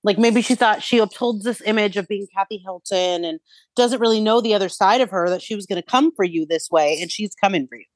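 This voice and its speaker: A woman's voice: mid-range voice, a little fast, no echo. A woman co-hosting a casual gossip chat, blunt and wry. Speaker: podcast co-host.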